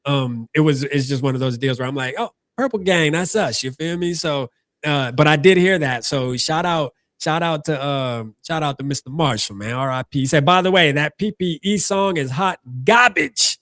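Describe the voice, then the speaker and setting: A man hosting a casual sports podcast, animated and quick to give shout-outs, often repeating himself. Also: a little high, dry recording, studio quality. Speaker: podcast host.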